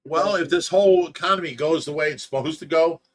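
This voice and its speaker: A man hosting a livestream, telling a story in a casual, animated way and acting out the voices. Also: a little high, brisk. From United States. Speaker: livestream host of a fish rescue.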